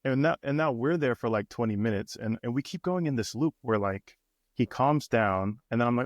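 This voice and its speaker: A man in his thirties, a personal coach who co-hosts a podcast, tells a family story in casual chat, restarting often and acting out the voices he quotes. His mid-range voice moves fairly quickly, recorded in a clean, dry studio.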